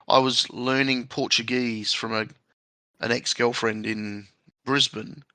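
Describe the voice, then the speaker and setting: A man's voice: mid-range voice, bright, forceful tone, no room sound. A man hosting a casual podcast, chatty and laughing often as he talks. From Australia. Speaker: podcast host.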